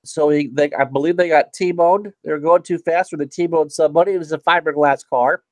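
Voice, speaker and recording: A man chatting casually with a friend, chiming in with facts and short agreements. His voice sits a bit high. The sound is dry with no room echo. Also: steady tone, fairly quick. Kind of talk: casual chat.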